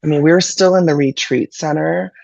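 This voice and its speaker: A woman's voice: deep voice, a little fast, gravelly, a little mellow, highs cut off. A woman guest on a podcast, candidly and emotionally retelling a personal ordeal in casual speech. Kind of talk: personal storytelling in conversation.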